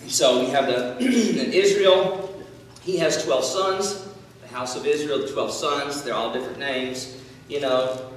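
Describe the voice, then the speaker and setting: Joking preacher in an echoey hall. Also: male voice, medium pitch, unhurried, recorded from a distance, slight background noise. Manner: joking, slangy storytelling with quoted voices. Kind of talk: casual youth sermon.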